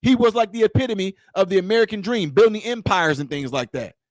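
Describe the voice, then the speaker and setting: A man holds forth in a heated political rant to his viewers. His voice sits high for a man and is captured in a dry, close space with no room sound. He talks confrontationally, circling back to the same lines and challenging the listener with question after question. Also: a little fast, dry recording. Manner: confrontational, repetitive, rhetorical questions. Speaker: political commentator.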